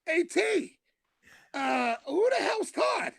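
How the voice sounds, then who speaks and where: A man's voice: very animated, slow pace, creaky, fairly bright tone, no room sound, clean studio sound, heavily acted. Comedian putting on a prying neighbor guy. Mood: chummy. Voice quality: high, eager calls of "hey, buddy". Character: nosy suspicious suburban neighbor man.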